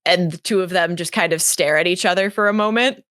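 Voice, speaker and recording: A woman narrating a tabletop role-play game as game master, in a casual way with fillers, putting on quick voices for the characters. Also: fairly low pitch, fairly bright tone, no echo, studio quality.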